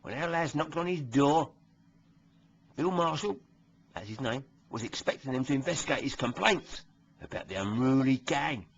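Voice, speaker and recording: A man doing a smug, husky copper. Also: medium pitch, animated, moderate pace, dull audio. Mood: smug gossip. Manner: chatty, nudging tag questions. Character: smug bigoted male British police constable. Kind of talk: satirical comic monologue.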